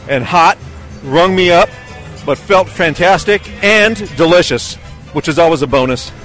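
Chatty food show guy, lighter voice, excited about the food, quiet music in the background. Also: fairly high pitch, measured pace. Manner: enthusiastic storytelling. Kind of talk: casual chat. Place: in a vehicle.

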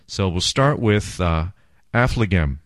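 A man's voice: low voice, expressive, a little slow. A man hosting a casual beer podcast, enthusiastic and self-mocking as he chats and jokes. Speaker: podcast host.

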